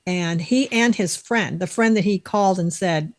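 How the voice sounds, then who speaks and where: A woman's voice: fairly low pitch, normal speed. A woman, a guest, telling a long story on a video call in a chatty, rambling way with many fillers. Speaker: guest, state director.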